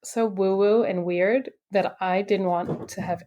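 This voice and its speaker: Chatty animated woman guest. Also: mid-range voice, unhurried, highs cut off. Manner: animated, chatty, full of "like" and "you know". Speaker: podcast guest, intuitive coach. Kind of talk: personal storytelling in a podcast interview.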